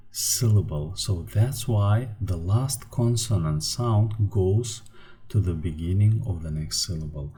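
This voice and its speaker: A man with a Turkmen accent teaches an online language lesson in English, his first language being Turkmen. His voice is very low and mellow, and he explains step by step at an unhurried pace, pausing often to find his words. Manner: slow, careful explaining with frequent hesitations.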